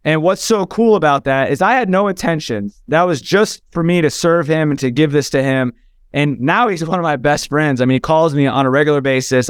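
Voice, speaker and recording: A man's voice: mid-range voice, smooth, no room sound, clean studio sound. A man telling an emotional personal story as a podcast guest, earnest, with frequent restarts.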